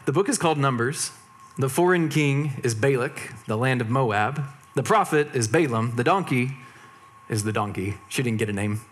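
A man giving a sermon, his voice sitting in an ordinary middle pitch. He tells the story in a relaxed, conversational way, dropping in humorous asides and slang as he goes. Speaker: preacher.

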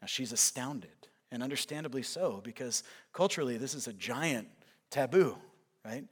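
A man's voice: mid-range voice, lively intonation, normal speed, breathy edge. A male pastor preaching a sermon, retelling a scripture story in a conversational way.

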